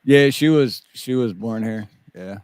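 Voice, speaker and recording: A man chatting casually as a livestream panel guest over a video call, laid-back and quick to chuckle. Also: medium pitch, darkish tone, smooth, no room sound. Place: lives in Hawaii.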